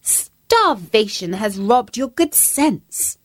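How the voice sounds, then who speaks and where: High whiny starving cat. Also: female voice, big pitch swings, exaggerated voice. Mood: whining. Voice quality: whiny, drawn-out. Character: skinny whining hungry cat.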